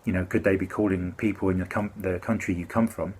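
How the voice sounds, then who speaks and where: A man's voice: sits low, flat delivery, fast talker, darkish tone, a little hiss or hum. A man from the UK telling a rambling, indignant complaint story in a casual spoken way, often stopping to correct himself. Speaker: complaining customer.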